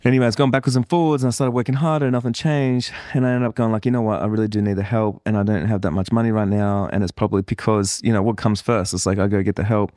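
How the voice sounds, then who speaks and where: A man hosting a solo podcast, talking candidly and rambling a little as he reflects out loud. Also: fairly low pitch, fairly even intonation, quick pace, few pauses, no room sound, studio quality. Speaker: podcast host. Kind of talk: casual solo podcast monologue.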